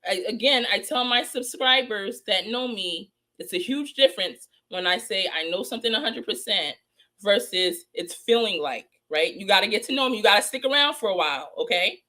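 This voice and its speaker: A woman's voice: on the high side, expressive, normal speed, bright, forceful tone. A woman hosting a psychic true-crime vlog, talking in a heated, scolding rant and repeating lines for emphasis.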